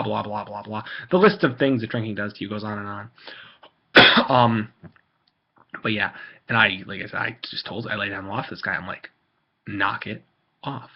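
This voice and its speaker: A man's voice: mid-range voice, highs cut off. A teenage boy ranting casually on a vlog, rambling with lots of fillers, restarts and swearing. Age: teens. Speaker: video maker.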